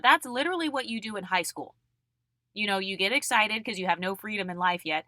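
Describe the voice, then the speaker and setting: Blunt, bright-voiced woman ranting. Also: medium pitch, expressive, fast, no echo. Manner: blunt, mocking and profane, mimics people in put-on voices. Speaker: channel host. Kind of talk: opinionated monologue to camera.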